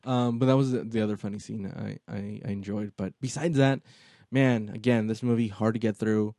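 Casting: male podcast co-host, warm mellow tone, dry close sound, animated storyteller. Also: on the low side, a little fast, creaky, no room sound. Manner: animated storytelling, acts out movie lines. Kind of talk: casual chat.

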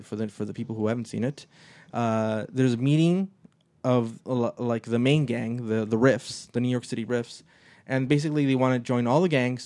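A man's voice: medium pitch, no echo. A man hosting a casual movie chat, rambling with frequent restarts and fillers, recorded in a small office. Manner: relaxed, rambling with many restarts.

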